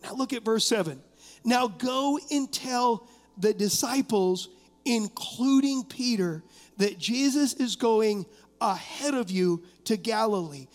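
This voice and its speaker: Preaching with fervor, a high-voiced male pastor keeps putting direct questions to his congregation, and a lingering church echo follows everything he says.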